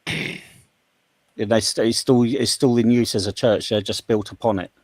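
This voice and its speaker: A man's voice: mid-range voice, fairly even intonation, measured pace, no echo. A man in a casual group voice chat, telling stories in a rambling way and correcting himself as he goes. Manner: rambling, self-correcting storyteller.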